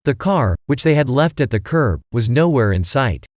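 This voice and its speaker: A man reads a mystery audiobook in a steady storytelling voice. His pitch rises and falls freely. The recording is dry and close. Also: normal speed, no room sound. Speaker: audiobook narrator. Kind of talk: scripted narration.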